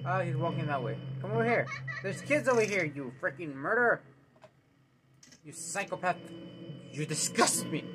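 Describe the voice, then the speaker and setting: A man hosting a let's play, reacting to a horror game with excitable commentary, yelps, jokes and mock-dramatic outbursts. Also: high voice, moderate pace, long pauses, noisy background.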